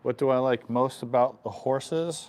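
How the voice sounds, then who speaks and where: A man working as an equine chiropractor, explaining stretches on a live stream while softly soothing the horse and often clearing his throat. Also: medium pitch, a little slow. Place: horse stall in a stable.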